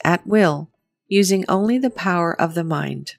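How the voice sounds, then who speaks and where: A woman reading a scripted documentary narration in an even, measured way. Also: lowish voice, vocal fry, no echo.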